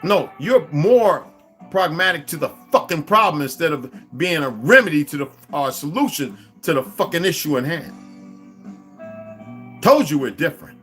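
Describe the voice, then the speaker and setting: A man delivering a profane, confrontational ranting monologue as an online commentator, swinging from loud outbursts to low mutters. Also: big pitch swings, normal speed, soft background music.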